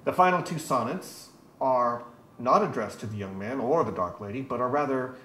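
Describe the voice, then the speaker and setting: A man's voice: medium pitch, expressive, moderate pace, sharp tone. A man presenting a scripted educational explanation, with a dry, tongue-in-cheek delivery. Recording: roomy echo with faint background noise.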